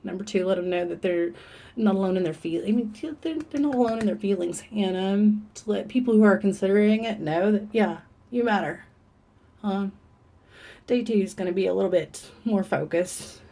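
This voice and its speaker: A woman speaking in a personal confessional vlog, earnest and halting, talking openly about painful memories in a dark room. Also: medium pitch. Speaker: vlogger.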